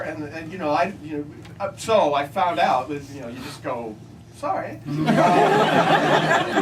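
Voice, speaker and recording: Audience laughter rings out in a bookstore event space, where a man from the United States is giving a comic talk at his book signing. He tells anecdotes deadpan and switches to high voices when imitating what other people said, captured by a distant mic amid loud crowd and room noise.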